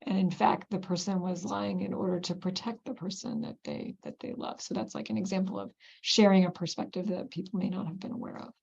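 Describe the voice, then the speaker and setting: A woman presenting to clinicians over a video call, with a gravelly edge to her voice. She explains things conversationally, with plenty of ums and restarts. The audio is dull and lo-fi. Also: fairly low pitch, very animated, brisk, hardly any pauses, darkish tone. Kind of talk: online teaching presentation.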